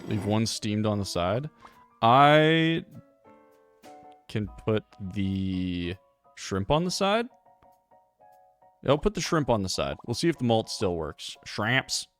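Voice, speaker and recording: Guy streaming a game, talks slow, voice jumps all over, goofy and thinking out loud. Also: on the low side, big pitch swings, faint music behind. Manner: playful, silly voices, thinking aloud. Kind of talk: live gameplay commentary.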